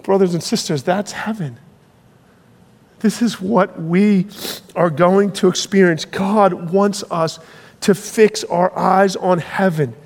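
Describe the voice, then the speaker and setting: A man preaching a sermon, earnest and emphatic, slowing down on key phrases, heard in a large hall. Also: high-pitched, darkish tone. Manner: earnest, building to emphatic peaks, slowing for weight. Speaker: pastor.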